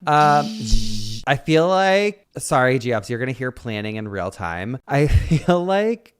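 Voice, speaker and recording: A playful man co-hosts a podcast, joking and running the show with a theatrical flair. His pitch swings widely and keeps his delivery lively. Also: slow pace, smooth. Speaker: podcast co-host. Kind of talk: casual podcast chat.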